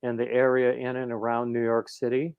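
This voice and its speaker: A man's voice: mid-range voice, monotone, a little fast, clear, resonant tone, no room sound, narrow, tinny audio. A middle-aged man hosting a casual livestream chat, telling stories in a chatty way over a computer mic at home. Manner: chatty storyteller. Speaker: host.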